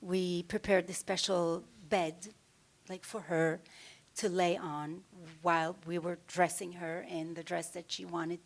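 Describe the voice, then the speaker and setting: A woman tells stories onstage in a slightly gravelly voice. She is animated and casual. She pauses with fillers and restarts her sentences. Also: lowish voice. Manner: animated, acts out other people's lines in the stories. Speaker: fashion designer giving an onstage interview. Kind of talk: anecdotal storytelling.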